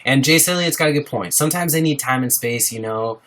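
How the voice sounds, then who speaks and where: Reading out the names of his viewers, a young man runs a casual livestream with an earnest, supportive tone. His voice is mid-range, fairly quick and a bit bright.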